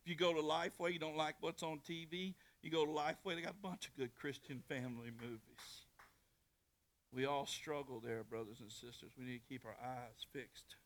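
A male pastor preaching a sermon in a folksy, animated way, often restarting his phrases. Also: mid-range voice, fairly quick.

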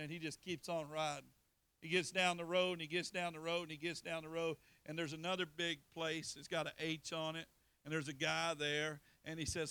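A man's voice: fairly high pitch, flat delivery, moderate pace, pushed and bright, smooth, no echo. A man preaching a sermon, telling a folksy story and building to fervent exhortation.

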